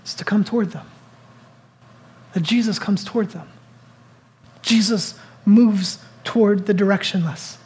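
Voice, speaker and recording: This is a pastor preaching a sermon in an easy, conversational way. The voice keeps turning to the listeners with rhetorical questions, rising to urgent emphasis and then dropping to a hushed, intimate tone. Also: mid-range voice, a little slow, long pauses. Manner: swings between loud urgent lines and soft hushed ones.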